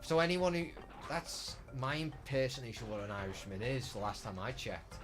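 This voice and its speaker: Music plays behind this gamer as he streams live, his medium-pitched voice moving at normal speed with lively intonation. His talk with viewers is rambling, loose, and crude, the relaxed chatter of someone playing on stream.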